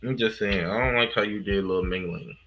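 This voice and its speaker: A man's voice: fairly low pitch, a little fast, muffled recording, slight background noise. A man hosting a live reaction stream, talking in a casual, slangy, profane and emphatic way.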